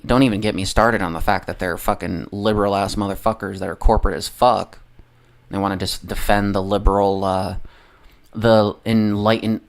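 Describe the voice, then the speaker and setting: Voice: sits low, creaky. A livestreamer ranting casually about politics, heavily profane and rambling, often losing the train of thought.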